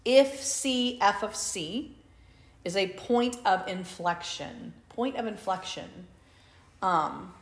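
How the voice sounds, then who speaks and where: Echoey woman teaching calculus. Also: mid-range voice. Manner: conversational, asks for agreement with "right?"; lightly sarcastic asides. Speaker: math teacher. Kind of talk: recorded calculus lecture. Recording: echoey room.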